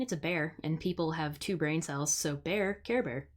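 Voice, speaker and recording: A woman's voice: deep voice, moderate pace. A young woman from the Midwest, hosting a live stream in casual chat, blunt and sarcastic, swearing freely. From Midwest United States. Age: young adult. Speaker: streamer host.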